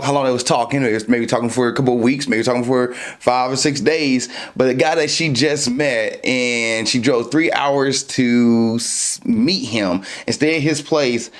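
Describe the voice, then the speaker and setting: A man hosting a dating show, casually breaking down a clip and giving advice in a rambling way. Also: mid-range voice. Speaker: podcast host.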